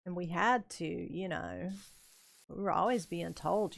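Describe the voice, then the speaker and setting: An older woman streaming a building game, telling rambling, unhurried stories about her youth with plenty of fillers and chuckles. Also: lowish voice, gravelly. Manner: rambling, unhurried anecdotes with frequent fillers and laughs. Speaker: gaming streamer. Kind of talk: casual storytelling while building in a game.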